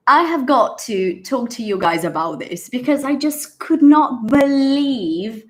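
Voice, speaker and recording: A woman with a Brazilian accent teaching English in a casual live online lesson, chatty and animated as she retells a story. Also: medium pitch. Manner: chatty and animated, retells scenes with acted quotes.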